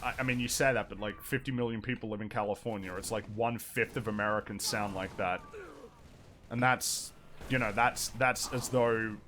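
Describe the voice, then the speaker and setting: Low-voiced Australian man chatting while gaming. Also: steady tone, normal speed, a bit bright, slight background noise. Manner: rambling, hesitant, wry. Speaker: streamer. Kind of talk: casual chat while gaming.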